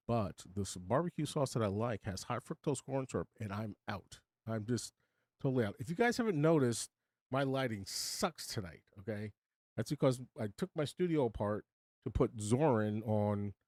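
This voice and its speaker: Rambling older man, low and mellow. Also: no echo. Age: 60s. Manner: rambling, chatty, self-deprecating, with many restarts. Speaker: livestream host. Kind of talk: casual livestream chat with viewers. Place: home studio.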